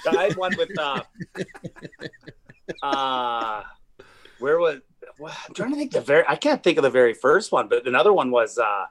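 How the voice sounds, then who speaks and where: A man's voice: mid-range voice, normal speed, long pauses. A man in casual podcast chat, telling long rambling stories with lots of swearing and fillers. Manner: rambling, profane, animated storytelling.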